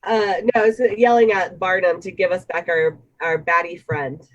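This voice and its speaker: A woman's voice: lowish voice, moderate pace, highs cut off. A woman playing a tabletop game over a call, speaking casually. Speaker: player.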